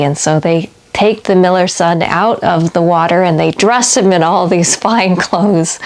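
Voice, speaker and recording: A woman's voice: lowish voice, a little mellow. A woman hosting a casual video, chatting and retelling fairy tales with frequent little laughs. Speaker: video host. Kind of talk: casual storytelling vlog.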